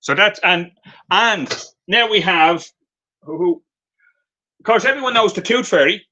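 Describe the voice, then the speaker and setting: Speaking unhurriedly in a high-pitched, expressive voice with a bright, forceful tone, an Irish man shows his handmade crafts on a live video stream. He tells light-hearted stories with lots of fillers, and the recording has its highs cut off.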